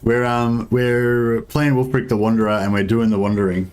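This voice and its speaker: A man's voice: mid-range voice, flat delivery, normal speed, a little mellow, smooth. A young man, streaming a strategy game and chatting casually with viewers, hesitant with many fillers. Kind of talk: casual gameplay commentary.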